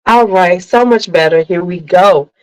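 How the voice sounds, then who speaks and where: A woman's voice: fairly low pitch, unhurried, a little hiss or hum, low-quality recording. A woman from Chicago hosting a casual beauty livestream, chatting candidly, rambling and greeting viewers by name.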